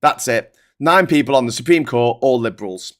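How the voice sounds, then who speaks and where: A man's voice: mid-range voice, expressive, moderate pace. A man hosting a political livestream, ranting in an exasperated, sweary way. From United Kingdom.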